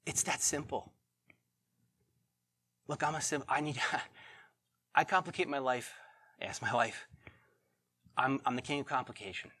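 A middle-aged man preaching a sermon as pastor, animated, swinging between loud bursts and hushed, tender passages. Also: mid-range voice, measured pace, pauses often, slightly rough.

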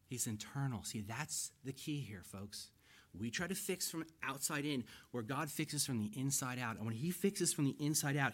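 A man in his forties preaching an expository sermon, emphatic, shifting between loud exhortation and hushed asides. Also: a little high. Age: 40s. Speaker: pastor.

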